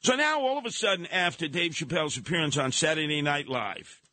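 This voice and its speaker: A man's voice: a little high, animated, a little fast, sharp tone, dry recording. Brassy, emphatic talk radio host man. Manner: emphatic, mocking, colloquial. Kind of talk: opinionated talk radio monologue.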